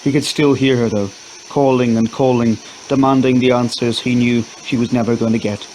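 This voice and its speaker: A man narrating a scripted horror story in a steady, measured way. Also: mid-range voice, slight background noise, low-quality recording.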